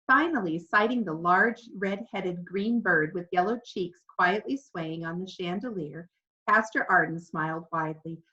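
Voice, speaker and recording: A woman narrating a children's storybook with clear, expressive delivery. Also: on the low side, a little slow. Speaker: audiobook narrator. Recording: slightly dull lo-fi recording.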